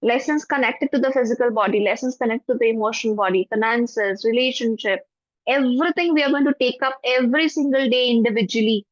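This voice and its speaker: With an Indian English accent, a woman spiritual teacher guides listeners through a forgiveness meditation, slowly repeating phrases. Her voice is a little high, soft, and soothing. The recording is close, lo-fi, dull, and dry.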